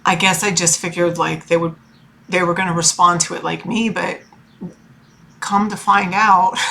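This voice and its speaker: A woman's voice: lowish voice, steady tone, measured pace, creaky, pauses often, sharp tone. A woman in her forties talking about her family in a personal vlog, emotional and rambling, full of fillers and restarts. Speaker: tarot reader and life coach.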